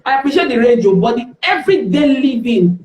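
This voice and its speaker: Lively Nigerian woman in a roomy space. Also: on the high side, a little fast, background noise. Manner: lively, acts out dialogue in the stories. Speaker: guest speaker. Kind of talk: candid storytelling on a live stream. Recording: roomy echo.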